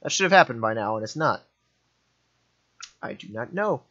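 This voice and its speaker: A man's voice: mid-range voice, very animated, normal speed, sharp tone, lo-fi sound. A young man giving offhand, rambling commentary while playing a strategy game, often correcting himself. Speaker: gaming commentator. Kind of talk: let's play commentary.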